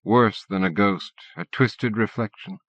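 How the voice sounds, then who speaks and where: A man reading as a quiet, earnest robot. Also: on the low side, unhurried, no room sound. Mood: despairing. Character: reflective robot with a dead man's memories. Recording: dull dry cassette-era audiobook recording.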